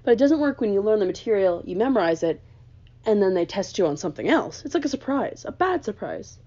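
A woman's voice: mid-range voice, sing-song, fast talker, warm tone, lo-fi sound. A young woman, a college student ranting sarcastically on her vlog, full of "like" and rising exasperation. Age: young adult.

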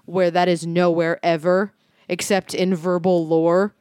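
A woman co-hosting a casual chat, sarcastic and quick with quips. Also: lowish voice, level tone, darkish tone, clear, resonant tone, no room sound, studio quality.

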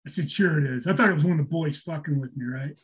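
An older man, a guest telling a story in casual conversation, speaks in a fairly high, husky voice at a rapid-fire pace. He gets emotional, swears a lot, and keeps restarting and repeating himself.

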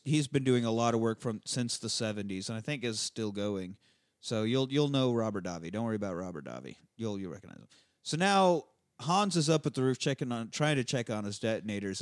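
A man on a podcast casually recapping a movie plot, swearing freely and jumping into quick character voices. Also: medium pitch, no echo, clean studio sound. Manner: profane, animated retelling with quick voices for characters. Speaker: podcast host. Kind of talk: casual movie rewatch chat.

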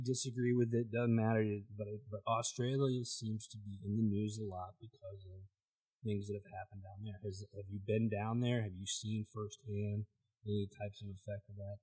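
Husky-voiced man hosting a podcast. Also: lowish voice, level tone, warm tone, low-quality recording. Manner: halting, restarts questions, reacts with surprise. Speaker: podcast host. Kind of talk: casual interview chat.

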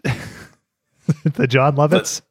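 A man's voice: medium pitch, a little slow, slightly rough, no echo. Guy cohosting a podcast, jokey and chatty, dry close mic. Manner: joking, playful, laughs often. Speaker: podcast co-host. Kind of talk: casual chat.

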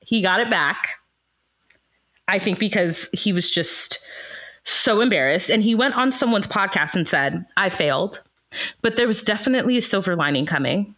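A woman's voice: mid-range voice, expressive, moderate pace, long pauses, a bit bright. A young woman co-hosting a podcast, telling a story in casual chat with lots of laughter. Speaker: podcast co-host.

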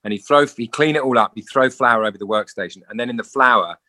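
A man's voice: mid-range voice, fast. A man, an actor being interviewed, chatting casually and acting out the people in his stories. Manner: animated storyteller acting out quotes. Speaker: actor guest.

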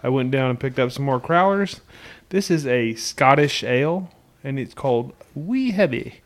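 A man's voice: mid-range voice, animated, moderate pace. Upbeat man hosting a beer review. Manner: upbeat, leads the segment. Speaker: podcast host. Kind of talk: casual beer review chat.

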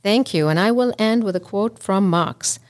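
A woman's voice: mid-range voice, moderate pace. A woman hosting a podcast, speaking in a reflective, conversational way. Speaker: podcast host.

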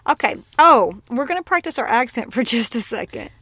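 A woman's voice: on the high side, big pitch swings, fairly quick, sharp tone, dry recording, studio quality. A woman with a Southern US accent co-hosting a podcast, laughing and playfully quizzing her co-host. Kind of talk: casual chat.

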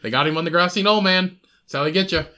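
A high-pitched man tells a bar story with a lot of cursing, slipping into quick voices for the people in it. His talk rambles, with restarts, and it has the easy feel of a podcast chat between friends. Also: bright, forceful tone. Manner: profane, rambling, acts out other people's voices. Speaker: podcast host.

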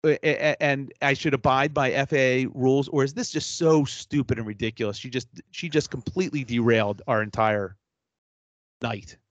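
A man co-hosting a podcast, telling a story in an animated, exasperated rant with some swearing. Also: medium pitch, moderate pace, dry recording, highs cut off. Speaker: podcast co-host. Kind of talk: casual storytelling chat.

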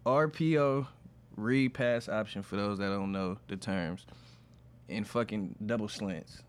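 A young man co-hosting a casual football podcast, relaxed and slangy as he breaks down plays. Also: on the low side, unhurried, clear, resonant tone. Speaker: podcast co-host. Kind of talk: casual sports chat.

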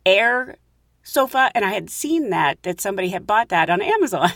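A woman's voice: medium pitch, animated, moderate pace, a bit bright, no echo, studio quality. A woman casually telling funny personal stories, laughing often and acting out her own thoughts. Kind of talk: casual storytelling.

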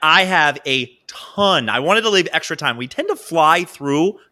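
A man with a bright, forceful voice co-hosts a loose podcast chat. His pitch swings widely as he jokes around and laughs. He sits a little above the usual male register. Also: a little slow. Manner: animated, laughing, reads jokes aloud in put-on voices. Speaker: podcast co-host. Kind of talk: casual podcast banter.

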